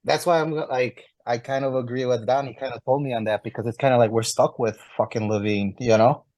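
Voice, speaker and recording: A man's voice: mid-range voice, fairly even intonation, a little fast, a little mellow, no echo. A man co-hosting a casual sports podcast, reasoning through his view in a laid-back way. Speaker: podcast co-host.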